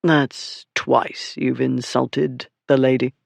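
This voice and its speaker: A languid aristocrat speaks in a mild, amiable drawl that hides a threat, as an audiobook narrator puts him on. His lines dip lower and softer than the narration. The recording is dry and close. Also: lively intonation, unhurried, creaky, no echo. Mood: quiet menace. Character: aristocratic duke, lazy and quietly menacing. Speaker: story character.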